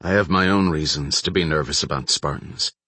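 A man voicing a wary, evasive male gunrunner in an audiobook, in a guarded, measured tone. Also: rumbling low, bright, forceful tone, breathy edge, no echo, heavily acted.

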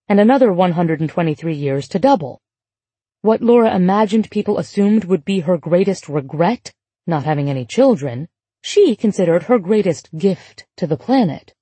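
A woman reading an audiobook in a measured, even storytelling voice. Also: on the low side, slightly rough, dry recording. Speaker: audiobook narrator. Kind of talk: scripted narration.

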